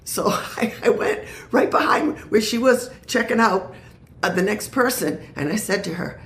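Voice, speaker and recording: A woman's voice: mid-range voice, lively intonation, normal speed, a bit bright, echoey room. A woman minister sharing a prophetic word in an earnest way and laughing easily.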